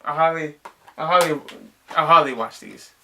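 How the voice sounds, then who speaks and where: A man's voice: fairly high pitch, moderate pace, sharp tone, a little hiss or hum. A young man casually reviewing a movie, rambling and exasperated, with lots of filler words.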